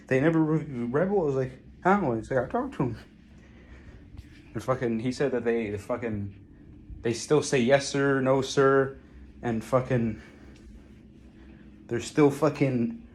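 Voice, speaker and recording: A man's voice: mid-range voice, a little mellow, slight background noise. A man telling a story in casual, rambling speech, heavy on profanity, often laughing and trailing off into mumbles. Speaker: vlogger.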